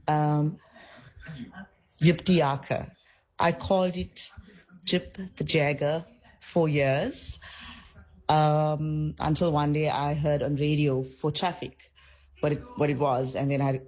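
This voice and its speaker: A South African man from Durban calling into a radio show to tell a relaxed, amused story. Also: on the high side, rough recording. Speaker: radio caller. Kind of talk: telling an anecdote on air.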